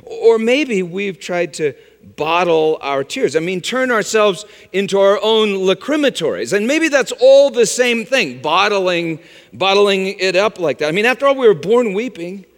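A man preaching a sermon, swinging from loud exclamations to hushed, low phrases. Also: animated, a little slow. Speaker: pastor. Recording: long hall reverb.

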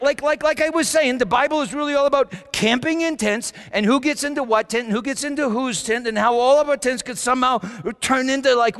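A man playing a fiery, repentant Paul in a dramatic sermon monologue, stammering and repeating words as he drops to low murmurs and rises to shouts. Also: big-room sound, heavily acted. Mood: chatty. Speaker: church speaker in character.

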